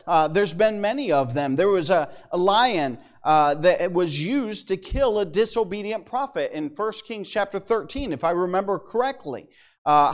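A man preaching a sermon in a folksy, conversational way, with humorous asides to the congregation. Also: high-pitched. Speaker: pastor.

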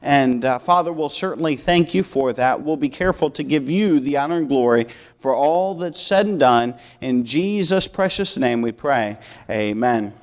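A man teaching a Sunday school class, reading scripture slowly and then praying aloud. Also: mid-range voice, expressive. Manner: slow, measured scripture reading. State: out of breath. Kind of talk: church Bible lesson and prayer.

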